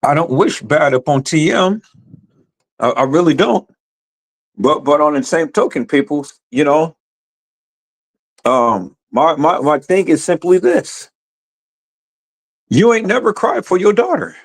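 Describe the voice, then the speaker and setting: A man's voice: fairly high pitch, lively intonation, a little slow, pauses often. Impassioned man ranting on a live stream. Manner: impassioned, repetitive, addresses viewers as "peoples".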